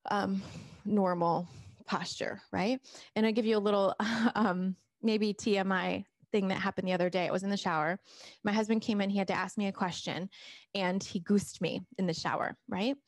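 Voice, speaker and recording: A woman's voice: medium pitch, normal speed, no room sound, clean studio sound. A middle-aged woman talking casually to her viewers on a live stream, restarting sentences and reading out their comments as a weight loss coach. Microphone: camera mic.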